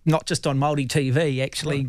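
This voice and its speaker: A man hosting a radio talk show, eager and quick with his words. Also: on the high side, flat delivery, darkish tone, dry recording, clean studio sound. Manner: fast, eager talker.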